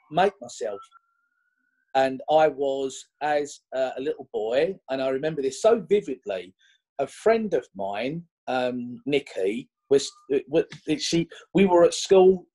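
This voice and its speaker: A man, a magician guest telling stories in an animated, chatty way with many restarts. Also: medium pitch, rough recording. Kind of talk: conversational interview storytelling.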